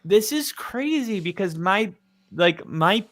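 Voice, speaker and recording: A man's voice: high voice, animated, slow, fairly bright tone. A man co-hosting a football live stream in casual chat, rambling with lots of fillers.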